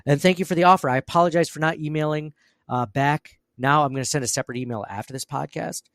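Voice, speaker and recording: A man's voice: on the high side, fast talker, fairly bright tone, no echo, studio quality. A man co-hosting a podcast, rambling and self-deprecating in casual chat, laughing often. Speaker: podcast co-host.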